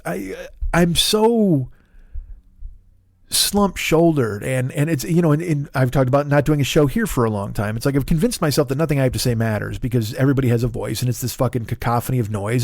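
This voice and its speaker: Gravelly, profane middle-aged comedian. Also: male voice, medium pitch, fairly quick, a little mellow, dry recording, studio quality. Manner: rambling, profane, self-deprecating storytelling. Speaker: comedian and podcast host. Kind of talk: casual comedic monologue.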